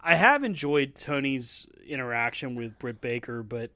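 A man's voice: medium pitch, lively intonation, normal speed, pushed and bright, dry recording. A man co-hosting a casual wrestling podcast, chatty and laughing often, with hiccups. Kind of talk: casual chat.

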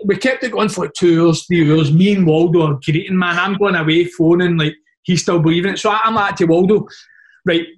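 High-pitched man telling a story. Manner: laughing often, swears casually. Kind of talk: casual anecdote.

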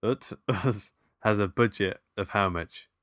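A man's voice: on the low side, slow, fairly bright tone, no room sound, studio quality. A man co-hosting a casual film podcast, reading out trivia questions and teasing his co-host. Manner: quizzing with playful banter.

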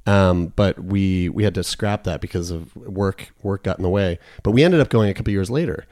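A man's voice: sits low, normal speed, a little mellow, no echo, clean studio sound. A Canadian man hosting a podcast in easy, casual chat, swearing freely and laughing often. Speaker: podcast host.

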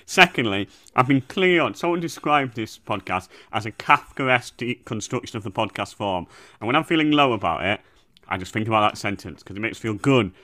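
A man's voice: medium pitch, a little fast. A man co-hosting a comedy podcast, joking. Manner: playful, deadpan boasting. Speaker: podcast co-host. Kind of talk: casual comedic chat.

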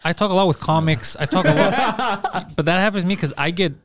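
A man from Montreal who hosts a podcast, telling stories in fast, profane, exasperated casual chat with a fellow comedian. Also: high-pitched, a little hiss or hum. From Montreal, Canada. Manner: rapid, profane, exasperated storytelling.

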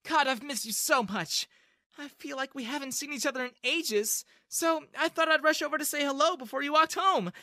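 Brief: narrator doing a falsely sweet, venomous young woman, very high and gushing, storybook narration. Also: moderate pace, pushed and bright, dry recording, clean studio sound. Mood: fake sweet.

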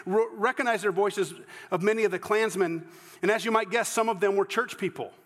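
Man, Southern US accent, pastor, sermon, earnest storytelling, high voice, long hall reverb. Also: fairly bright tone. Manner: storytelling, earnest, with false starts.

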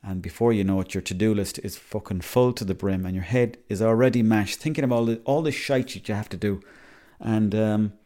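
A young Irish man talks through his week on a solo podcast, wandering from story to story and cursing freely. His voice sits a little low and comes across mellow and soft-edged. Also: brisk, few pauses. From Ireland. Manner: rambling, chatty, swears freely. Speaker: podcast host. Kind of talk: casual solo podcast monologue.

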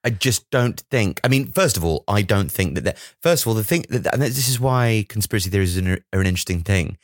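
A man's voice: lowish voice, animated, fast talker, no room sound, clean studio sound. A man co-hosting a podcast in casual comedic chat, wry and rambling with sarcasm. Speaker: podcast co-host.

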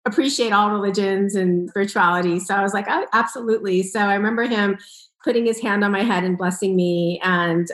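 A woman's voice: medium pitch, a little fast. A woman in a conversational interview, telling a personal story with lots of laughter and acted-out quoted dialogue. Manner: animated, laughs often, acts out quoted dialogue. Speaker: author and entrepreneur telling her story. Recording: roomy echo.

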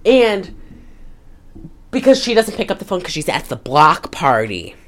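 Woman host with a very low voice; loose, profane, filler-heavy recap chat. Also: big pitch swings, unhurried, a bit bright. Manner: rambling, profane, lots of fillers. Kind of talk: casual movie recap chat.

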